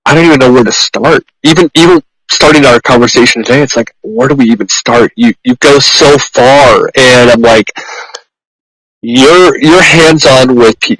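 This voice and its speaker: Effusive, halting male podcast host. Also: medium pitch, a bit bright, no room sound, low-quality recording. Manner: effusive, halting, repeats words. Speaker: podcast host, pet groomer. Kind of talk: conversational interview.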